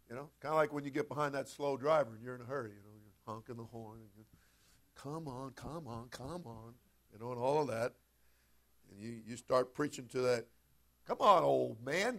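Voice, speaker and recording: A man preaching a sermon as pastor, energetic, telling stories and building to loud, emphatic preaching. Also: medium pitch.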